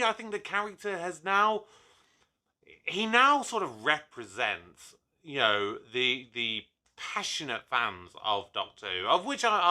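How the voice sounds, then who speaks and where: A man's voice: mid-range voice, bright, forceful tone. A man hosting his own review channel, talking casually with enthusiasm and rambling into frequent asides. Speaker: YouTube reviewer host.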